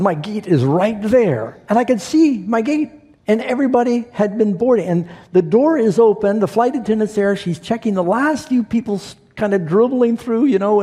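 A man's voice: sits high, dark tone. A man preaching a sermon to a congregation, telling a story and acting out the quotes, and asking them questions. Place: church sanctuary. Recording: long reverb of a church hall.

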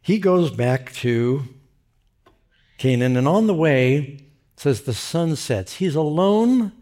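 A man preaching a sermon, retelling a scripture story with lively storytelling and character voices. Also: takes it slowly. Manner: animated retelling, voices characters with pitch jumps.

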